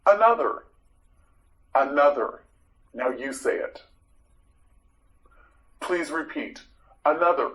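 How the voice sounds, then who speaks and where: A man teaching English vocabulary in a slow, repetitive drill, with clear, deliberate pronunciation. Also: mid-range voice, fairly bright tone, low-quality recording.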